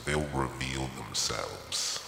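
A man's voice: extremely low pitch, takes it slowly, vocal fry, pushed and bright, soft background music, full character voice. A man playing a pompous self-proclaimed theologian who narrates a party game in a grand, ominous scripted voice. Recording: roomy with long reverb, faint noise.

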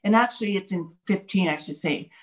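A woman's voice: mid-range voice, brisk. A woman co-hosting a faith podcast, speaking passionately and repeating key phrases for emphasis. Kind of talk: casual faith podcast discussion.

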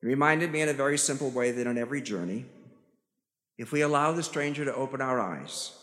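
A priest with a Chicago accent preaching a sermon, telling stories with self-deprecating humor. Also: male voice, mid-range voice, fast talker, fairly bright tone. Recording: church hall reverb.

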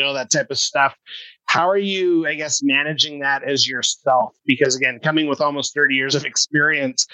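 Upbeat guy hosting a podcast, super bright tone, dry, affirming. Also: a little high, dry recording, low-quality recording. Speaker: podcast host. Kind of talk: interview questions.

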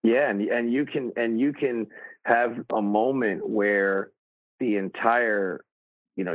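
A man's voice: on the low side, no room sound, muffled recording. A man hosting a podcast, explaining eagerly in casual conversation, with many restarts. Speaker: podcast host.

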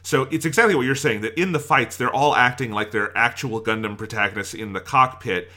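A man's voice: medium pitch, brisk, pushed and bright. A man co-hosting a podcast, ranting in exasperation about a show and firing off rhetorical questions. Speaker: podcast co-host. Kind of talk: casual review discussion.

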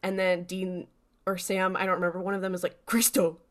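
A woman co-hosting a podcast, retelling a TV episode in casual, animated chat with frequent laughter. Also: fairly low pitch, fairly quick. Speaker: podcast co-host.

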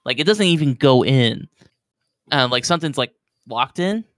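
A man runs a tabletop game with a smooth, resonant voice. He narrates loosely, with many fillers. The recording is dry and close. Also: mid-range voice, animated, moderate pace, fairly bright tone, no room sound. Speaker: game master.

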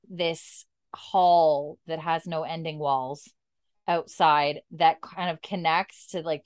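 A woman host with a lowish voice chats through a show recap, filler-heavy and easygoing. Her voice sounds dry and close to the mic. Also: clear, resonant tone, no room sound. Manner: chatty, filler-heavy storytelling. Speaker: podcast host. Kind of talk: casual episode recap.

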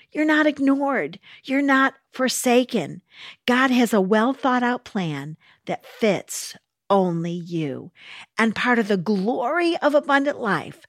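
A woman's voice: fairly high pitch, dry recording, clean studio sound. A woman preaching a sermon in an earnest, encouraging way, stressing her points with repetition.

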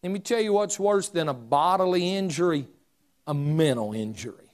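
A middle-aged man preaching a fiery sermon, shouting some points and dropping to a hush on others. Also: fairly high pitch, animated, normal speed. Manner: preaching with shouted emphasis and sudden drops to a hush. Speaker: pastor.

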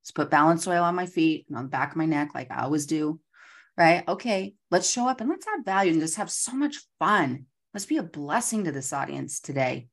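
A woman in her forties hosting a motivational talk, acting out her own inner voices. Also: low-pitched. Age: 40s. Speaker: host.

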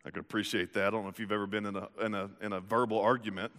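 A man preaching a sermon, animated and jokey. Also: lowish voice, rapid-fire. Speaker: pastor. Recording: echoey hall reverb.

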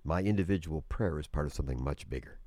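A man with a very deep voice explains things at length, earnest and conversational. He often restarts his sentences while he thinks aloud. The sound is dry and close to the mic. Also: quick pace, darkish tone, no echo. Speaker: guest teacher on prayer. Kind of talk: conversational religious teaching.

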